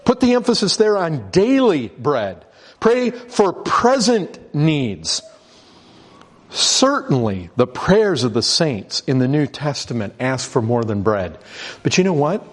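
A man's voice: medium pitch, big pitch swings, measured pace. A middle-aged man preaching a sermon in a conversational way, stumbling over restarts and repeated words, reading scripture aloud and building urgency. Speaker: pastor.

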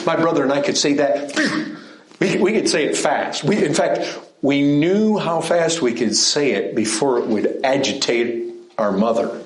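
Animated man preaching in an echoey room. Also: a little high, unhurried. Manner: animated, conversational preaching with rhetorical questions. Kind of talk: sermon.

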